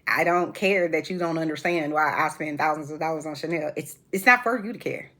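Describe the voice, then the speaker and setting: A woman in her forties hosting a reality TV commentary chat, sassy and animated, laughing often as she talks. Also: low voice, fairly quick. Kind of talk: casual chat.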